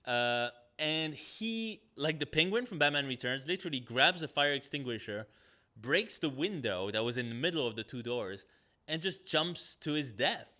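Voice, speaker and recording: Bright-voiced man ranting in a sarcastic review. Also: mid-range voice, animated, normal speed. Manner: sarcastic, profane, rambling with many fillers. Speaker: podcast movie reviewer.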